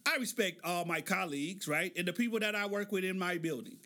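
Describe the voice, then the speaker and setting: Middle-aged man, high bright voice, loose comedic podcast monologue. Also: brisk. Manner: joking, loose storytelling with laughs. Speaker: podcast host.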